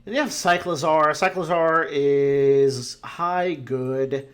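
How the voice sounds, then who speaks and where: Man, slightly high voice, casual swearing, rambling tier-list talk. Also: slow, fairly bright tone. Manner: laid-back, profane, rambling with fillers. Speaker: podcast host ranking game creatures.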